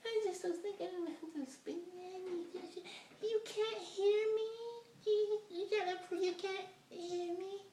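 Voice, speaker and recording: A man voicing a soft-spoken, timid young woman on a date who mumbles in a high, faint voice, recorded in a roomy space from a distance. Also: fairly even intonation, a little slow, slight background noise. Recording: roomy sound from a distant mic.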